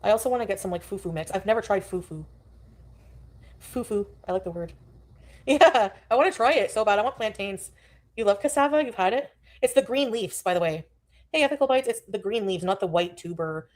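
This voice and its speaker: Woman streamer, middle pitch, loose rambling chat with viewers. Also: a little fast, darkish tone. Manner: rambling, greets chat often. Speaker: livestreamer. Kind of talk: casual live stream chat.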